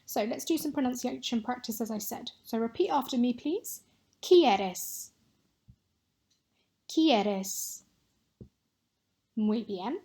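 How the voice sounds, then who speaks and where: A woman teaching a recorded Spanish lesson, modelling words clearly and patiently for pupils to repeat. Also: on the high side, fairly quick, few pauses, mellow.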